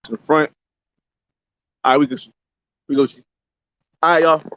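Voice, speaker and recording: A young man live-streaming a casual travel vlog from a beach, talking loosely in slang and shouting out viewers on a handheld phone. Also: a little high, fairly even intonation, normal speed, no room sound. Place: outdoors on a beach by a boat landing. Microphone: phone camera held by hand. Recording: slightly dull lo-fi phone audio.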